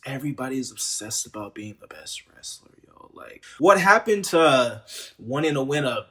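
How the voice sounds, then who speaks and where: A man's voice: mid-range voice, fairly bright tone. A man giving a casual, exasperated rant reviewing a wrestling show, sarcastic and heated, often repeating himself. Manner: repeats words and restarts often.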